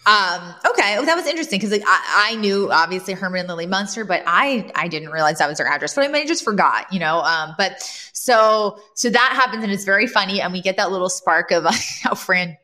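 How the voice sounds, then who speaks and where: A woman's voice: medium pitch, expressive, a little fast, sharp tone. A woman co-hosting a casual recap chat, chatty and laughing often as she acts out quotes from the episode. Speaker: podcast co-host.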